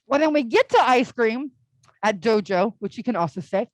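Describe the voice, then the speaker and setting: A woman's voice: on the high side, animated, moderate pace, no echo, poor audio. A young adult woman giving a conversational all-ages sermon at a church service, telling stories casually and often saying "like". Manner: casual, storytelling, with frequent "like" fillers.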